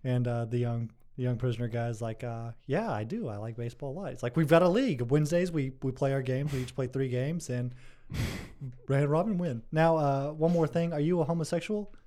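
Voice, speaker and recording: A man co-hosting a casual podcast, telling jokes with a cocky, playful manner and putting on quick voices for the characters. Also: medium pitch, fairly even intonation, warm tone. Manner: playful, cocky storyteller who puts on voices for his characters. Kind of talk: casual chat, joke telling.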